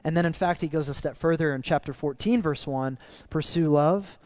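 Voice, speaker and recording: Man, pastor, sermon, animated delivery, quiet emphatic drops, higher-pitched, dry sound. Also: moderate pace, no room sound.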